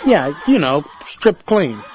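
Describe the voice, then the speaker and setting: A man's voice: a little high, sing-song, takes it slowly, slight background noise. An actor playing an eccentric, sarcastic man in a comedy radio play, chuckling through his answers. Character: eccentric sarcastic male man in an animal pen. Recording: muffled recording with animal bleats behind.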